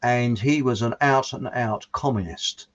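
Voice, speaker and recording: The host, a man with a mid-range voice and measured pace, reads viewer comments in a casual, rambling chat and chuckles at his own humor. The audio sounds muffled and lo-fi.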